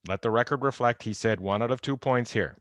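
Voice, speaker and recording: This chemistry instructor has a mid-range voice and speaks a little fast, recorded close on a computer mic during a video call, muffled but without echo. He goes over exam answers in an informal, wry lecture, addressing his students directly.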